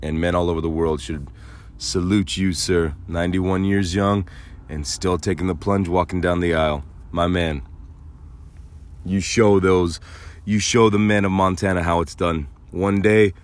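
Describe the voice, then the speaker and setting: A man with a deep voice and measured pace hosts a podcast, delivering a rambling, casual monologue packed with crude jokes and animated storytelling.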